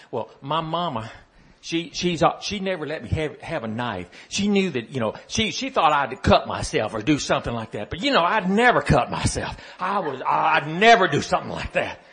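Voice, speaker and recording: A man's voice: a little high, a bit bright, breathy edge. A man telling a folksy, playful story and chatting with his listeners with questions.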